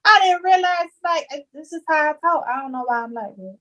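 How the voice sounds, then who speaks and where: A Southern woman in her thirties, from Jacksonville, chatting as a podcast guest. She speaks a little high and tells her stories with an animated, joking manner. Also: brisk. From Jacksonville, Florida. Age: 30s. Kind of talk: casual chat.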